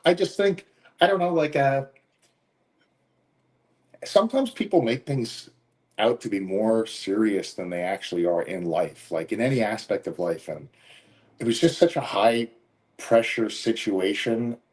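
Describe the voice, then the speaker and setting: A man being interviewed as a guest, telling relaxed stories in casual conversation and often laughing while he talks. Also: lowish voice, measured pace, pauses often. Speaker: interview guest, professional wrestler.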